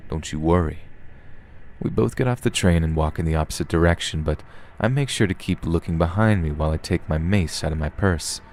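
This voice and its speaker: A man narrating scary stories in a steady, even storytelling manner, as the host of a horror reading podcast. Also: sits low, slight background noise. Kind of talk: scripted narration.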